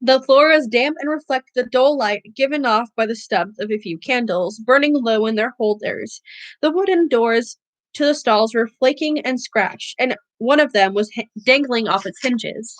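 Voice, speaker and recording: A woman reads a novel aloud for a book club in a high voice. She stumbles and restarts words often, and the sound is close and dry. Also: animated, no echo. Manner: halting, with frequent restarts.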